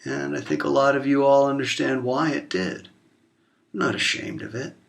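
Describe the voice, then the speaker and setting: A male vlogger speaks to camera at a moderate pace with vocal fry, delivering an emotional, confrontational monologue. He swears openly, swinging from low murmurs to raised outbursts.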